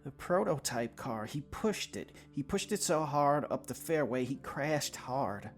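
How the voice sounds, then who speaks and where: A man's voice: medium pitch, lively intonation, slow pace, darkish tone, soft background music, voice pushed up. A man voicing a panicked young female vampire who stammers and stumbles over her words. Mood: frantic. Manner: stammering, frantic.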